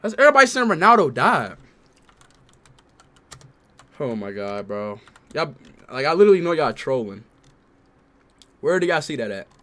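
A young man livestreaming who talks loudly and excitedly to his chat and repeats himself. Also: on the high side, moderate pace, long pauses, a little hiss or hum. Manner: loud, excitable, repetitive. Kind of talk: live stream chat.

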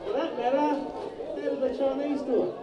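A man in a band, telling crude jokes deadpan between songs into the PA at a small club. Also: very high-pitched, normal speed, dull audio, heavy background noise. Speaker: band member on stage. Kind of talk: stage banter telling jokes. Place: small live music venue, indoors. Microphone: stage PA heard from the audience. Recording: echoey club, taped far from stage. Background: loud crowd.

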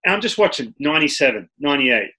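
This Australian-accented podcast host, once a pitcher, keeps up a quick pace in a mid-range voice. He tells lively stories during a casual interview, frequently breaking off to restart what he's saying.

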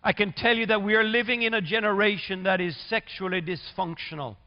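A man's voice: high-pitched, fairly even intonation, brisk. A male pastor from Canada introducing a guest speaker to his congregation in a formal pulpit manner, calling for amens. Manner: warm formal pulpit introduction with amen calls. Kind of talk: sermon introduction. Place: church sanctuary. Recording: dull reverberant church recording.

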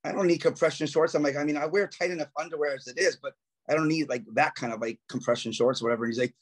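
Male musician guest, slightly high voice, casual raunchy anecdotes. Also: steady tone, racing, breathy edge. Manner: profane storytelling, acts out quotes, laughs often. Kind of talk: casual podcast chat.

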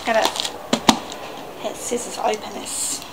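An Australian woman filming a casual unboxing vlog at home, gushing with excitement, gasping and squealing as she talks to a handheld camera. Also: measured pace. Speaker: vlogger. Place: at home, partly outdoors by the driveway. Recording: noisy home camera recording.

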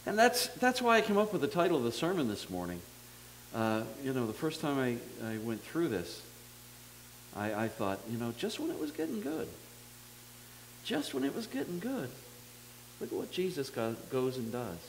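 A man's voice: medium pitch, big pitch swings, moderate pace, a little hiss or hum, low-quality recording. A man preaching a sermon as pastor, in a conversational, folksy manner with self-deprecating humor, acting out the dialogue of the story.

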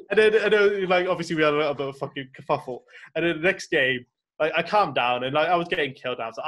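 A man's voice: on the high side, a little fast, fairly bright tone. A young man telling a story in casual chat, laddish, filling his talk with "like" and heavy swearing. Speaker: podcast guest.

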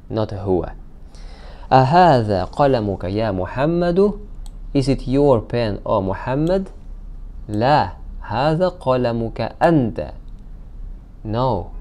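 Male teacher for a lesson recording: warm, relaxed voice, patient and halting delivery. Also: lowish voice. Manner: reads each Arabic sentence, then translates it slowly with hesitant fillers. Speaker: Arabic teacher.

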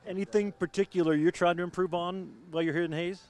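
Fast-talking male sports host. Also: high-pitched, fairly even intonation, a little mellow. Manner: friendly, chatty questions with easy laughs. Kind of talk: quick sports interview.

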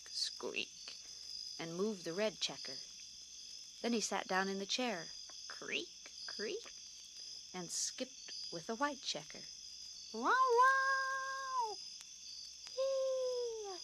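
A woman reading a bedtime story aloud in a soothing, soft-spoken way, whispering the sound effects. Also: medium pitch, noisy background. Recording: crickets chirping in the background.

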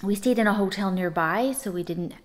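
A middle-aged woman chatting casually to camera at home as a vlogger, talkative and quick to break into laughter. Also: mid-range voice.

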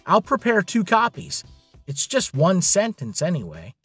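A man's voice: sits high, huge pitch swings, a little slow, a bit bright, breathy edge, dry recording, soft background music, pitched above the performer's own voice, exaggerated voice. A man voicing a scheming, cocky rich young man who talks in a bossy, demanding way. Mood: smug.

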